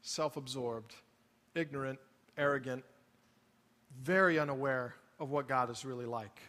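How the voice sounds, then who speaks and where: A man preaching a sermon as pastor, earnest and pleading, moving between quiet reflection and emphatic appeals. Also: mid-range voice, fairly even intonation, measured pace. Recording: long reverb of a large hall.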